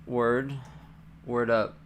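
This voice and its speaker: A man's voice: medium pitch, little pitch movement, very slow, a little hiss or hum. A man live-streaming his game engine coding, thinking aloud, muttering to himself and swearing casually.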